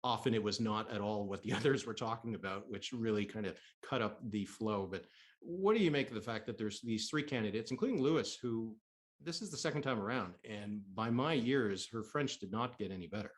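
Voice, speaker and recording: A man hosting a political podcast, explaining in a measured, analytical way and slowing for emphasis. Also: fairly low pitch. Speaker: podcast host.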